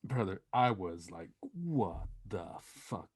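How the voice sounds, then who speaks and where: A low-pitched man tells a story with a lively, swinging delivery. His voice is a bit husky and sits close to the mic in a dry room. He swears and laughs freely. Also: takes it slowly, no echo. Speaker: podcast co-host. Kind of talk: casual storytelling chat.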